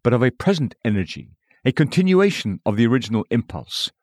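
A man reads a devotional text aloud in a measured, scripted way, naming each scripture citation as he goes. His pitch rises and falls with plenty of movement. The sound is dry and close, with no room around it. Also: big pitch swings, a little mellow, no echo. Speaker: audiobook reader. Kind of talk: scripted narration of a devotional book.

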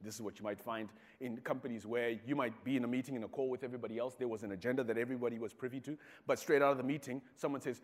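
Rapid-fire and barely pausing, a Zimbabwean man tells stories in a talk to an audience, acting out quoted voices. His intonation stays fairly even at a medium pitch, and the hall gives a long reverb.

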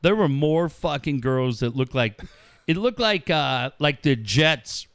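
A man's voice: fairly high pitch, animated, slow, a bit bright, no echo. A middle-aged man, a guest on a talk show, telling profane, joking stories about his kids and acting out the quotes. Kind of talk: casual storytelling chat.

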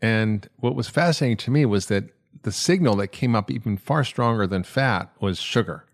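Male interview host, low-pitched, brief affirming interjections, recaps. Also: lively intonation, moderate pace. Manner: brief agreeing interjections, summarizes points. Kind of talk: conversational interview.

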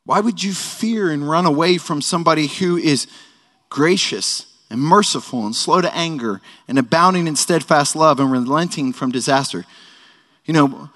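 A man's voice: fairly high pitch, normal speed, a bit bright. A man in his thirties teaching a sermon at a worship service, casual and joking, with frequent conversational asides. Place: worship hall. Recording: echoey hall reverb.

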